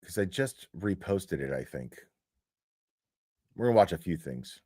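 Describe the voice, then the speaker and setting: A man's voice: low-pitched, big pitch swings, unhurried, mellow, husky, no room sound, studio quality. A man hosting a livestream, talking casually in a profane, mocking rant. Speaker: streamer host.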